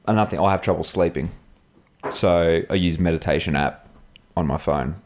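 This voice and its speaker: A man's voice: deep voice, moderate pace, a little mellow, a little hiss or hum. An Australian man co-hosting a podcast, telling casual stories full of swearing and laughter. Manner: swearing storyteller, laughs often. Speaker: podcast co-host. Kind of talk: casual chat.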